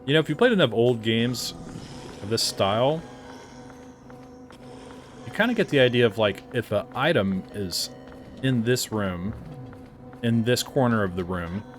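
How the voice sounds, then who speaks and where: A man's voice: mid-range voice, animated, measured pace, pauses often, soft background music. A man giving casual, rambling commentary as a game reviewer, often correcting himself mid-sentence. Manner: rambling and chatty, with frequent self-corrections.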